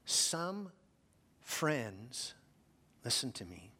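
A man preaching a sermon, asking his congregation rhetorical questions and dropping to a hush for emphasis. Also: medium pitch, animated, slow pace, pauses often. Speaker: pastor.

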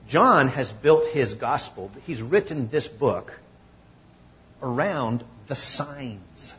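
Male pastor, mid-pitched, animated sermon delivery, dull lo-fi recording with faint room noise. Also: takes it slowly, slightly rough. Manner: conversational, animated, acts out quoted voices.

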